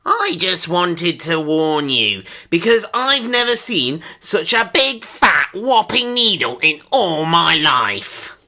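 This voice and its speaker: A man's voice: a little high, big pitch swings, slow pace, few pauses, sharp tone, voice pushed up, exaggerated voice. A man reading a children's storybook aloud, voicing a smug schoolgirl who teases in a sugary, taunting way. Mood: smug teasing.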